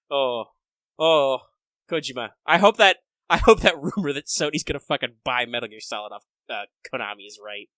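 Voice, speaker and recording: Casual co-host: a man with a bright, dry-mic voice, animated and profane. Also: mid-range voice, dry recording. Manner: animated, swearing, quick impressions. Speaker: podcast co-host. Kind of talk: casual chat.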